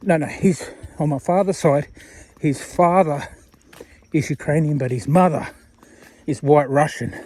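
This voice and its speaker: This Australian vlogger's voice is a little high and warm, and he takes his time, leaving long pauses. He talks casually and self-deprecatingly to the viewer, rambling as he walks along a road outdoors.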